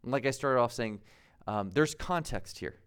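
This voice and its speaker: A man's voice: medium pitch, expressive, moderate pace, a bit bright, clean tone. A man in his thirties from the United States, preaching a conversational sermon as pastor, laughing at himself now and then.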